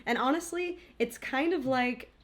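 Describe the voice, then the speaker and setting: A woman's voice: high-pitched, a little slow. A woman co-hosting a relationship coaching podcast talks in a reflective, encouraging way and laughs along readily. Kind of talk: casual podcast chat.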